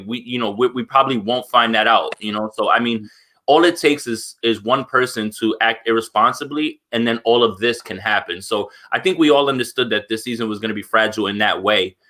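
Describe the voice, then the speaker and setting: A man's voice: fairly low pitch, fairly quick, pushed and bright. A man co-hosting a sports podcast, giving earnest opinions in a casual, thinking-aloud way. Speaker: podcast co-host. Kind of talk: casual chat.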